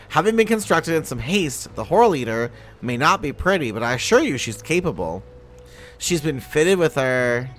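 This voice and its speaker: A man voicing a formal, seasoned male naval commander from a game, reading in a lowered, stately manner. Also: a bit bright.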